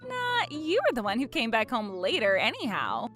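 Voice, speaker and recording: A woman's voice: a little high, wildly swooping pitch, normal speed, fairly bright tone, soft background music. A woman voicing a brazen young mistress who mocks and laughs at the wife she has wronged. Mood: scornful. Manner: laughs at others, sing-song and scornful. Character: brazen mocking young mistress, smug and taunting.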